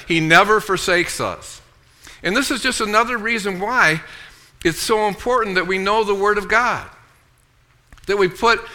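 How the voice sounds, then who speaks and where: A man preaches a sermon with a very bright, ringing tone. His voice sits a little high, and he keeps drawing the congregation into call-and-response. He reads scripture in a lower, softer voice. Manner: preaching with call-and-response, frequent "amen" and "okay". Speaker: pastor.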